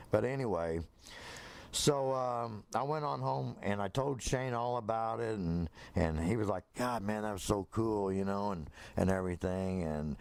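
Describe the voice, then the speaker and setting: A man's voice: on the low side, vocal fry, a little mellow, dry recording. A middle-aged man telling a personal story in a casual, rambling way, full of fillers and restarts, acting out the voices he quotes.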